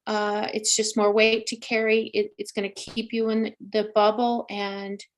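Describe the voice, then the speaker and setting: A woman's voice: medium pitch, monotone, unhurried. A woman hosting a live stream as a psychic medium, giving casual readings in an effusive, exclaiming way and speaking straight to her viewers.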